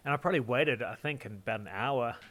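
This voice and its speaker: A man spins a long tale on a podcast in a loose, chatty way. He laughs often and stumbles over repeated words. His voice sits at an ordinary middle pitch. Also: brisk, fairly bright tone. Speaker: podcast co-host. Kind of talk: casual storytelling.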